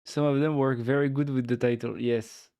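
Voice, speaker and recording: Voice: medium pitch, fairly even intonation, moderate pace, mellow. A streamer with a French accent chatting casually on a live stream, laughing often and swearing offhandedly.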